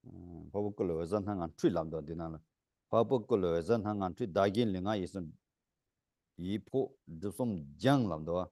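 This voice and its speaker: A middle-aged Buddhist teacher, a man with a low, mellow voice, gives a dharma teaching. He speaks emphatically, his voice jumping up in pitch and force. The recording is dry and close. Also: moderate pace, no room sound.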